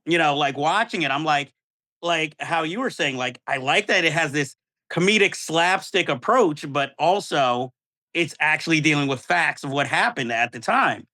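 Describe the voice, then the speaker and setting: A man's voice: on the high side, bright, forceful tone. A man hosting a podcast, chatting about films and acting out his own reactions. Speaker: podcast host. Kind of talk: casual film chat.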